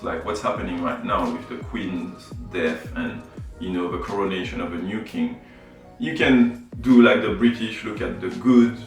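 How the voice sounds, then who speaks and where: A man from Martinique talks through his ideas in a relaxed, explanatory vlog, often checking in with the listener. His voice sits fairly low and carries a strong echo. He sounds set back from the mic, with faint music underneath. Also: far from the mic. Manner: explanatory, repeats "right?" and "you know". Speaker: photography YouTuber. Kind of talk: reflective vlog talk.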